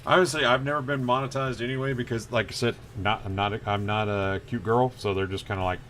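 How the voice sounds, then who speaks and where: A man's voice: medium pitch, fairly even intonation, fast, a bit bright. Man, casual livestream chat, rambling storyteller, swears a lot, faint background hiss. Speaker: livestream host drawing. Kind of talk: casual chat while drawing.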